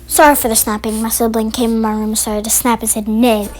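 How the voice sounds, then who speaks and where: A woman's voice: a little high, level tone, fast talker, low-quality recording. A woman telling a rambling storytime vlog in a chatty way, full of restarts. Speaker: vlogger.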